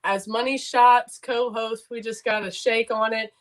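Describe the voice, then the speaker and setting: A woman's voice: fairly high pitch, steady tone, unhurried. A woman co-hosting a sports betting show, chatting casually in a joking, rambling, self-deprecating way. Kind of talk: casual live sports chat.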